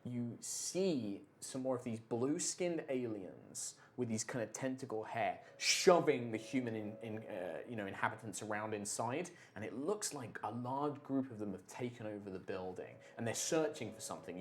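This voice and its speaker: A man's voice: mid-range voice, lively intonation, normal speed, slight background noise. A man running a tabletop superhero game, describing scenes with loose, filler-heavy narration. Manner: rambling descriptions with many fillers. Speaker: game master.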